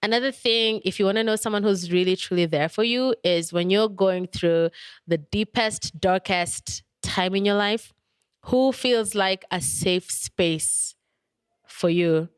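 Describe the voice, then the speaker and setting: A young woman talks candidly and thoughtfully as she hosts her podcast, her voice smooth and clean. She wanders through stories with easy "likes" and "ums". The sound is dry and close, with no room around it. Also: mid-range voice, measured pace, no room sound. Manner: candid, thoughtful, with frequent "like" and "um" fillers. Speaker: podcast host. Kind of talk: reflective personal storytelling.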